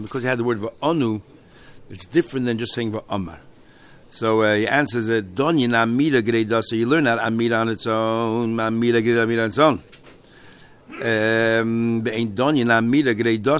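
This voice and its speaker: Man, Talmud teacher, reads then translates, chatty, fillers. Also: mid-range voice. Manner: reads Aramaic phrases then translates them, with many fillers. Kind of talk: explaining a Talmud page.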